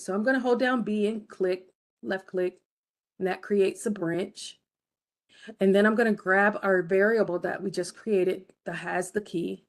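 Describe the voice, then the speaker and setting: A woman's voice: mid-range voice, a little mellow. A woman teaching a game design class, explaining each step patiently and checking in with her students. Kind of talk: recorded screen-share lesson.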